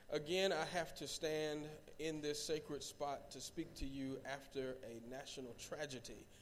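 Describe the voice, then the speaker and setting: A man's voice: medium pitch, a little hiss or hum. A man preaching a sermon as pastor in a church, calling out to the congregation and building up in volume. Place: church sanctuary. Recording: long hall reverb.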